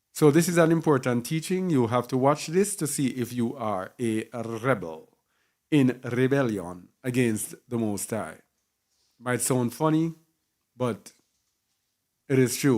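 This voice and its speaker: A man's voice: mid-range voice, darkish tone. A man teaching a sermon with emphasis, repeating key words and spelling some out letter by letter. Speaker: Bible teacher.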